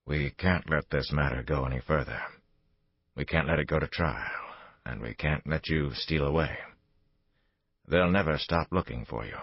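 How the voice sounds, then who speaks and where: A man voicing a quiet, regretful older male official who speaks hesitantly and sorrowfully. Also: a bass voice, moderate pace, long pauses, no room sound. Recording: dull lo-fi dry recording.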